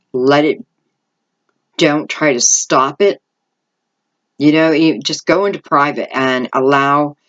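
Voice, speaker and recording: This tarot reader, a middle-aged woman with a very deep voice, meanders through an intuitive reading while thinking aloud. She keeps dropping "I feel like" asides, and the audio is lo-fi.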